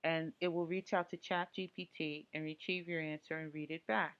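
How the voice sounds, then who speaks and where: A woman's voice: deep voice, level tone, normal speed, fairly bright tone, clear, resonant tone, highs cut off. A woman hosting a casual tech tutorial, chatty and full of small asides and fillers. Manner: chatty, lots of ums and asides.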